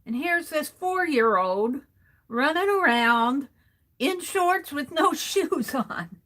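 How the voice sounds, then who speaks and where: A woman with a fairly high, bright, forceful voice tells a neighborhood story while she crafts. She speaks slowly and rambles, with frequent soft chuckles between her sentences. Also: lively intonation. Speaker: art journaling livestream host.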